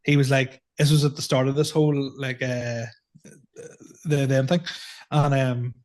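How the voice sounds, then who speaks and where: A man's voice: mid-range voice, flat delivery, measured pace, darkish tone. A man in his thirties co-hosting a podcast, rambling and self-mocking, laughing often in casual chat. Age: 30s. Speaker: podcast co-host.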